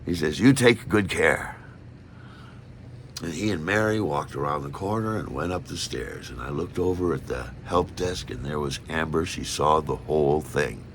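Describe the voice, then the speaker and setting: A man telling a personal story in an animated, self-mocking way. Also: a bass voice, normal speed, few pauses, slight background noise.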